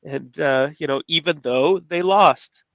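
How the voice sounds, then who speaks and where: An earnest man in his forties tells a heartfelt story as a podcast co-host. His voice sits a touch high for a man, and he halts and restarts often as he talks. The sound is dull and lo-fi, with a very dry, close feel. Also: vocal fry, a bit bright, dry recording. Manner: earnest, emotional, halting with restarts. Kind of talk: conversational storytelling.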